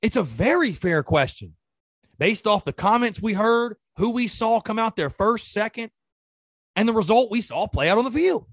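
A man hosts a sports talk show and rants in exasperation, throwing out question after question. His voice sits high and swings widely in pitch as he works himself up. The sound is dry and close, with no room around it. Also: expressive, normal speed, dry recording. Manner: exasperated, ranting with rhetorical questions. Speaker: sports podcast host. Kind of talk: casual sports commentary.

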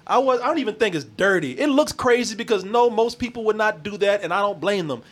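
A man's voice: high-pitched, lively intonation, quick pace. A man hosting a casual podcast chat, a loose, profane storyteller who laughs often. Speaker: podcast host.

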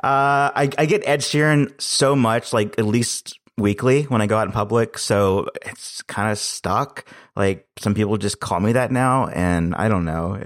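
A young man with a somewhat low voice, relaxed and amused as he chats on a podcast. His recording is dry and close. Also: a little slow, few pauses, dry recording. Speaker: podcast guest panelist. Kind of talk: casual chat.

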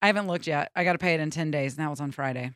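A woman's voice: low-pitched, very fast, no echo, clean studio sound. A young woman co-hosting a radio show, telling a story in casual chat with lots of laughter. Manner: nervous, laughing, animated retelling.

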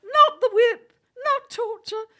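A woman's voice: extremely high pitch, takes it slowly, sharp tone, pitched above the performer's own voice, heavily acted. A woman voicing a flustered grown man who protests while breaking into laughter, in a read-aloud story. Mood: mock squeal. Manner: laughing through his lines.

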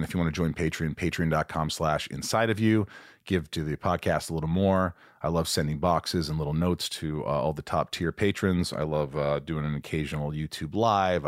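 A man's voice: extremely low pitch, no room sound, studio quality. A man in his forties hosting a podcast, telling stories in an enthusiastic, rambling way. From Kentucky. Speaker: podcast host. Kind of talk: casual chat.

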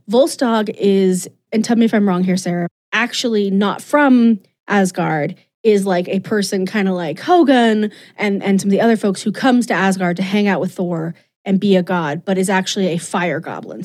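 Recapping comics on a podcast, this woman co-host speaks at medium pitch with a darkish tone, her casual talk animated, rambling, and packed with side comments.

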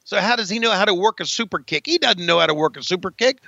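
A man's voice: a little high, quick pace, vocal fry, hardly any pauses, pushed and bright, no echo, dull audio. A man calling play-by-play over an old wrestling match, crude and rambling, joking with his co-host and cursing often.

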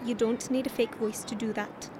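A woman with an Irish accent, brisk and bossy in an audio drama. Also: a little high, level tone, background noise, lightly acted. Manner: brisk, bossy, keeps a partner on task.

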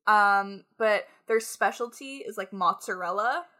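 A woman's voice: mid-range voice, a little slow, bright, forceful tone. A young woman co-hosting a podcast, teasing her co-host with playful banter and laughter. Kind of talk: casual chat.

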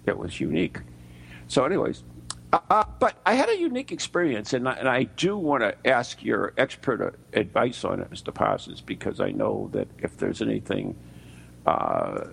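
An American man co-hosting a radio show, telling a story in a rambling, halting way with many fillers. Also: medium pitch, huge pitch swings, vocal fry, a bit bright, a little hiss or hum. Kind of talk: casual radio banter.

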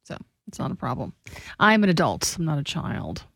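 A woman's voice: deep voice, big pitch swings, normal speed, a bit bright, no echo, studio quality. A woman co-hosting a radio show, teasing the host and laughing easily.

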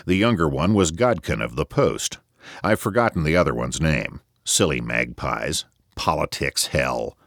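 Guy reading as a cynical sneering stock exchange man, blunt and pushy, deep voice. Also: expressive, a little slow, creaky, fairly bright tone, dry recording, studio quality, heavily acted. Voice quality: aggressive, sneering delivery.

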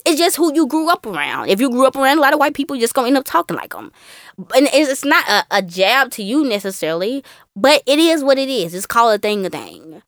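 A woman co-hosting a casual podcast, talking with animated ups and downs and mimicking other people. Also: sits high, fast, no echo, clean studio sound. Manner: animated, mimics voices with laughs. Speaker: podcast co-host.

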